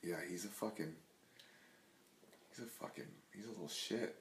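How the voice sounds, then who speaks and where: A man's voice: low voice, normal speed, a little hiss or hum. A man talking as a podcast guest in casual chat, rambling, swearing a lot and saying "like" all the time. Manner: rambling, profane, says "like" a lot. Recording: echoey room.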